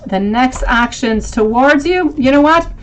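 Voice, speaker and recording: A woman's voice: sits high, a little slow, a little hiss or hum. A woman hosting a live tarot reading stream, talking to viewers and calling them sweetie as she reads the cards. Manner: affectionate, calls viewers sweetie, thinks aloud. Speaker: tarot reader, livestream host.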